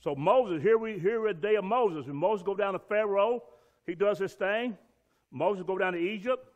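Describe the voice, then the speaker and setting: A man's voice: high-pitched, moderate pace, dull audio. A man teaching a Bible lesson and reading scripture aloud, emphatic and repeating key words for stress.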